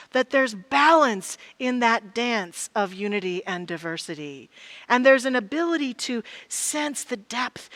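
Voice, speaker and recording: Woman minister preaching, kinda high voice, dry close sound, reflective. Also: no echo. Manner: reflective, quotes song lyrics softly. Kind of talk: sermon. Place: church sanctuary.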